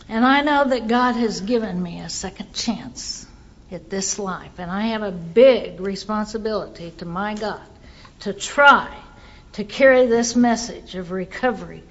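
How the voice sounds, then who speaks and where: A woman's voice: medium pitch, dull audio. Earnest woman telling a recovery story. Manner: earnest storytelling, quotes others in dialogue. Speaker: recovery speaker sharing her story. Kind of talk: personal testimony talk.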